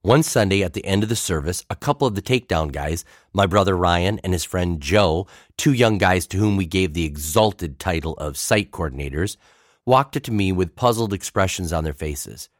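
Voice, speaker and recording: A man's voice: sits low, animated, normal speed, no room sound, studio quality. A man, a pastor, reading a wry personal story aloud.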